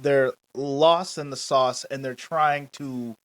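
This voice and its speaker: A man's voice: medium pitch, steady tone, slow, fairly bright tone, no room sound. A man co-hosting a wrestling podcast, chatting casually and explaining at length in a laid-back way. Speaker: podcast co-host. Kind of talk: casual chat.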